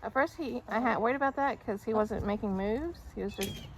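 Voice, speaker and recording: A woman vlogging casually outdoors in her backyard, cooing at her pets and turkeys in high baby talk. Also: brisk, a little hiss or hum. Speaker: backyard poultry keeper vlogger. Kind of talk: casual vlog chat.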